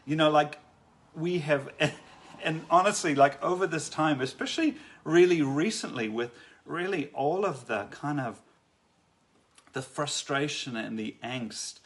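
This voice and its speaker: A man giving an earnest, reflective faith talk, often pausing and restarting his sentences. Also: fairly high pitch. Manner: earnest, halting, many restarts. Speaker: Christian speaker.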